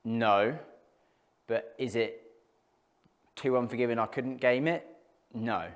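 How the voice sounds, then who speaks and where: A golf club tester in an indoor studio chats casually between shots, thinking aloud and reacting to each hit. His voice is mid-range and he speaks slowly.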